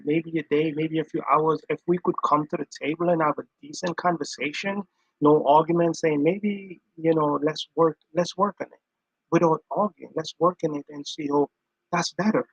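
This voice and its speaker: A man gives casual reaction commentary, earnest and emphatic, circling back to repeat his point. His voice sits a touch high for a man. The sound is close and dry, with no room around it. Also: fairly even intonation, moderate pace, slightly rough, no room sound, lo-fi sound.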